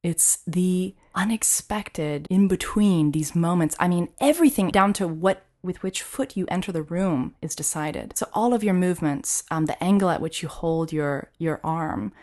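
A woman's voice: lowish voice, moderate pace, hardly any pauses, a little mellow. A woman from Texas who teaches English in Japan, chatting casually on a podcast with many fillers and restarts.

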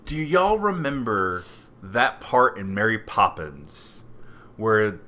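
A man co-hosting a casual book podcast, rambling and animated as he describes things. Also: lowish voice, takes it slowly. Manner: rambling, animated storytelling full of "like". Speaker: podcast co-host. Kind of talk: casual book discussion chat.

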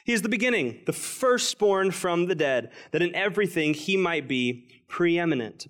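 Man preaching with slow, earnest emphasis. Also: high voice, expressive. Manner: earnest preaching, stretches key phrases slowly, drops quiet for emphasis. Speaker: pastor. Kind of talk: sermon.

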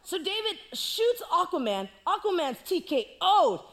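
Playful woman preacher, high lively voice, joking sermon delivery. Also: unhurried. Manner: playful, animated storytelling with jokes.

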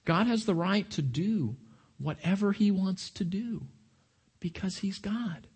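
A man preaches to his congregation in a fairly high voice. He talks in an animated way, repeating and restarting words as he builds his points. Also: measured pace, husky. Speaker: pastor. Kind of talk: sermon.

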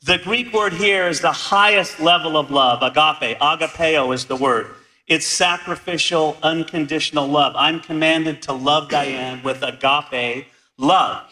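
A man preaching a sermon as a pastor, earnest and measured, slowing down on key words. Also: a little high, sharp tone. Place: large church hall. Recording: echoey hall from far off.

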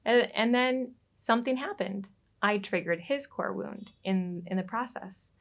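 A woman, a relationship coach, telling a personal story as a podcast guest, lively and quick to laugh. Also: mid-range voice. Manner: animated, laughs often and acts out quoted lines.

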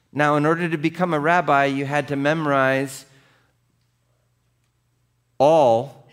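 This is a male pastor's medium-pitched, fairly bright voice, preaching in a chatty, conversational manner. Scripture scenes get acted out with voiced quotes, and he frequently checks in with the congregation using "right?" and "okay?"

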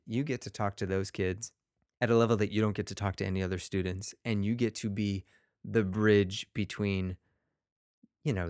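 A man with a lowish, smooth, resonant voice hosts his own podcast as a teacher. He talks in a loose, rambling way, pokes fun at himself and acts out quick quotes from his students. The sound is close and dry, with no room around it. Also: no room sound. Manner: rambling, self-deprecating, plays kids' voices in quotes. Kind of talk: casual podcast monologue.

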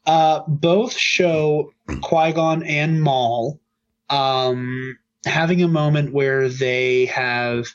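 A man's voice: a little high, fairly even intonation, drawn-out words, highs cut off. A man co-hosting a casual podcast chat, talking upbeat and rambling with lots of fillers. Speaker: podcast co-host.

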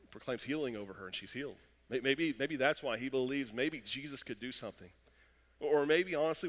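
A young adult man preaching a sermon, telling stories and acting out quotes with lively animation. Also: mid-range voice. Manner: animated storytelling with acted-out quotes. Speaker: pastor. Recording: long hall reverb.

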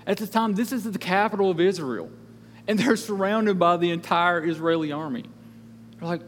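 Casual preacher, man, high voice, talks his sermon like a chat, recorded in a reverberant hall. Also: moderate pace, slight background noise. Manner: conversational, acts out biblical characters.

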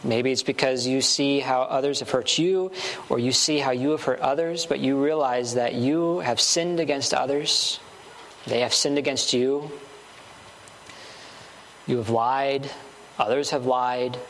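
A man's voice: mid-range voice, fairly even intonation, unhurried, fairly bright tone, slight background noise. Earnest man preaching a sermon. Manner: earnest, building emphasis with short repeated phrases.

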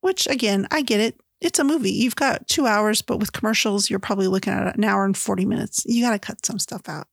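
A woman talks through a book and its movie in a loose, chatty way, full of filler words. Her voice sits at a middle pitch. The recording is dry and close. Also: brisk, vocal fry, few pauses, no echo. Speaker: book reviewer. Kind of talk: casual chat.

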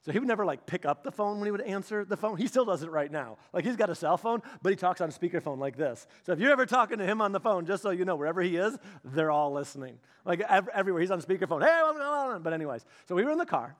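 A young man preaching a sermon, telling a personal story and acting out the voices of the people in it, going from loud to hushed. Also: high-pitched, racing, hardly any pauses. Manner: animated, acts out quoted voices, shifts from loud to hushed. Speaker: pastor's son preaching.

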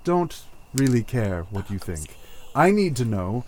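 A man voicing a cold, curt female elf ambassador in a flat, dismissive way. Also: medium pitch, measured pace.

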